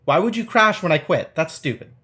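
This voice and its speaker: Male game streamer, fairly high, very lively pitch; chatty, reads in-game narration aloud. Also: brisk. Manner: chatty, talks back to the game and chat, animated. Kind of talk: live game stream commentary, reading game text aloud.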